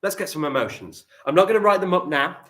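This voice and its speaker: A man teaches children a live online writing lesson, animated and encouraging, with big swings in loudness. He has a high voice and talks fast.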